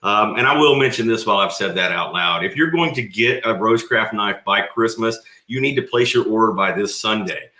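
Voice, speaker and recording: A man talks casually on a livestream, chatty and quick to laugh. His voice is bright and forceful. The room around him is echoey. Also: on the low side. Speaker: knife company co-owner.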